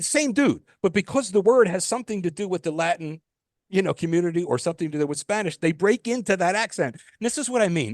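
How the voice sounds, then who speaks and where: Talking fast and animated in a high voice, this man co-hosts a casual podcast, ranting emphatically and frequently starting over. The recording is dry and studio-clean.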